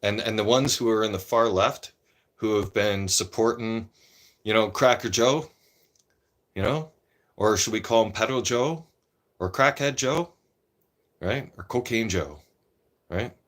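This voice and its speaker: Guy, lowish voice, rambly opinionated rant, keeps saying right?. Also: a little slow, pauses often, a bit bright. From Canada. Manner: rambling, opinionated, repeats himself, frequent "right?". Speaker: vlogger. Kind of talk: casual political rant.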